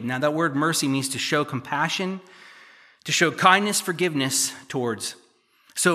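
A pastor delivers a conversational sermon, teaching in a chatty way and often checking in with the congregation with "okay?" His voice is a little high, animated, and sharp, at a normal speed.

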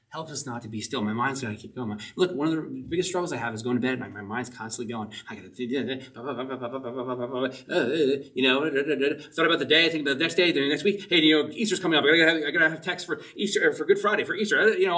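Slightly high and fairly bright, a pastor's voice carries his earnest sermon at a church service. He presses his message with short commands he keeps repeating, and the recording places him a bit away from the mic.

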